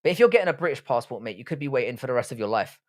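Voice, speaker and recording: A man's voice: medium pitch, lively intonation, very fast. A man in his thirties hosting a casual live stream, swearing freely and bantering with his chat. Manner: profane, joking banter with chat. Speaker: livestream host reacting to fights.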